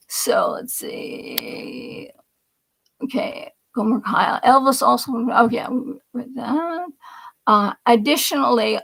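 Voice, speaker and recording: A woman's voice: a little high, creaky, fairly bright tone. A middle-aged woman hosting a casual political commentary livestream, chatting, reading viewer comments aloud and laughing often. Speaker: livestream host.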